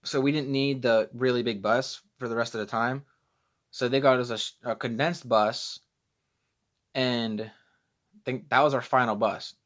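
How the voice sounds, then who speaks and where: A man's voice: medium pitch, steady tone, normal speed, fairly bright tone. A young man vlogging casually, rambling and self-deprecating as he loses his train of thought. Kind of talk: casual vlog storytelling.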